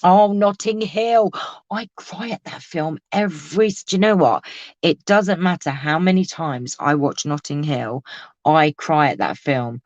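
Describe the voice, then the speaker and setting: A woman's voice: low-pitched, unhurried, a little mellow, no echo, highs cut off. Chatty woman, exclamatory crafter. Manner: chatty, exclamatory, laughs often. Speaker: crafting vlogger. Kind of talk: casual live crafting chat.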